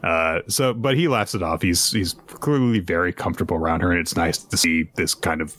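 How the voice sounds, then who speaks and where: A man co-hosting a podcast, chatting casually and recapping chapters, animated and acting out quoted lines. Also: low-pitched, brisk. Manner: animated storyteller who acts out quotes. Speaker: podcast co-host.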